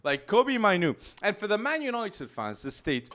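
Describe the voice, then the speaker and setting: A male podcast host, talking football in an emphatic, animated way with many restarts. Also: high-pitched, normal speed. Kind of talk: casual football podcast talk. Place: Portugal.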